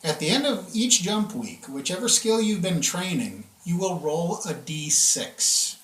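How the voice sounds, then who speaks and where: A man's voice: high-pitched, measured pace. Man running a tabletop game, echoey room. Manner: relaxed and chatty, checks in with players. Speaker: game master. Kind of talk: explaining rules and narrating a tabletop game.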